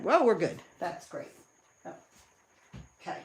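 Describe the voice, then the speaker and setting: A woman chatting excitedly with viewers while she demonstrates card making live from her craft room. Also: mid-range voice, a little slow, a little hiss or hum. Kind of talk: live crafting demo chat.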